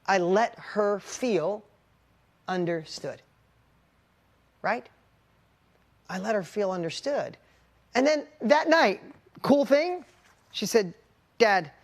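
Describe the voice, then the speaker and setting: A middle-aged man coaching a live mastermind group, casual and animated, calling on audience members by name and jumping up in pitch when a story gets exciting. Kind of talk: live motivational talk to an audience.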